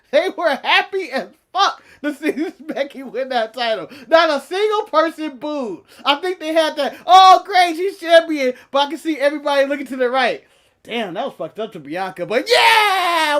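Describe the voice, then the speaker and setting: Animated, profane storytelling man. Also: extremely high pitch. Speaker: podcast co-host. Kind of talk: casual storytelling chat.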